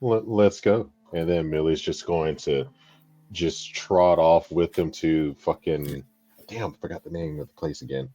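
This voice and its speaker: A man's voice: a bass voice, steady tone, unhurried, mellow, dry recording. A man chatting and joking as a player at a tabletop game, describing his character's moves. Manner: laughing, self-mocking banter. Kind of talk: casual game chat.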